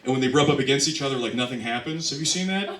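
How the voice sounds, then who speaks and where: A man's voice: medium pitch, rapid-fire, noisy background. A young man performing a self-deprecating stand-up set, rambling with restarts, with audience laughter behind him. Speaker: stand-up comedian. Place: comedy club stage. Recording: roomy club sound from a distance.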